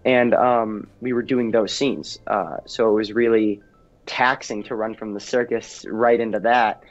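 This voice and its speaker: A man's voice: lowish voice, fairly even intonation, unhurried. Earnest teen boy, lo-fi interview sound. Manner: earnest, with frequent ums and restarts. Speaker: actor guest. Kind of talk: casual interview chat. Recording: dull lo-fi sound with faint music.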